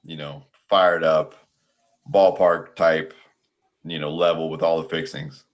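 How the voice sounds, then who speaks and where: A man's voice: extremely low pitch, little pitch movement, a little slow, highs cut off. A man from the US Pacific Northwest co-hosting a sports podcast, joking and rambling through casual questions. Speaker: podcast co-host. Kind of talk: casual chat.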